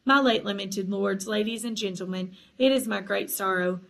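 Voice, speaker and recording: A proud old-fashioned gentleman ghost, stiffly formal and quick to sound bitter when slighted, played by a woman reading a storybook. He clings to his dignity. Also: medium pitch, creaky.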